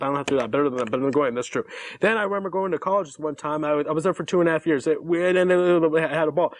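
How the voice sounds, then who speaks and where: A man in his twenties hosting a call-in show, ranting in a rambling, opinionated way. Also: a little high. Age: 20s. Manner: opinionated, rambling, self-interrupting. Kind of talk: casual rambling rant.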